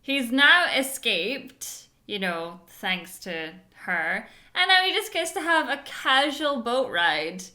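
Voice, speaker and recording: Bright-voiced woman chatting casually. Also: a little high, very animated, slow pace, hardly any pauses. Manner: chatty, outspoken. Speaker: reaction video host. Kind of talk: casual reaction chat.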